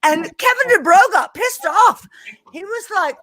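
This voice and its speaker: Woman, singer guest, dry close sound, high voice, emphatic storyteller, acts out quotes loudly. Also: lively intonation, measured pace, no room sound, poor audio. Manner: emphatic, swears she is telling the truth, acts out quotes loudly; repeats words when starting sentences. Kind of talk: animated storytelling in an interview.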